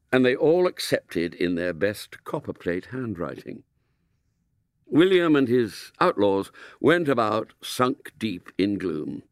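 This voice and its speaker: A man reading a story aloud in an expressive, mock-solemn way. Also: mid-range voice, no room sound, studio quality. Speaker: narrator.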